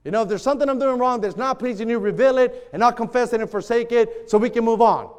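Guy preaching, really high voice, lots of reverb from the hall, gets animated. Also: fast talker, smooth. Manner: animated preaching, acting out quoted prayers. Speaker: pastor. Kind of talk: sermon.

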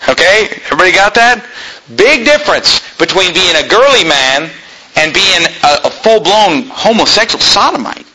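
A man's voice: high voice, expressive, normal speed, bright, forceful tone, breathy edge, low-quality recording. A pastor preaching a sermon from the pulpit in an emphatic style, firing rhetorical questions at his congregation. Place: church pulpit.

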